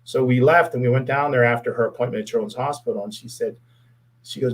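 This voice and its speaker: A man's voice: medium pitch, fairly even intonation, fairly quick, a little mellow, low-quality recording. A middle-aged man from the Pittsburgh area, a former police officer, telling a heartfelt story in a casual interview, earnest and often repeating his words.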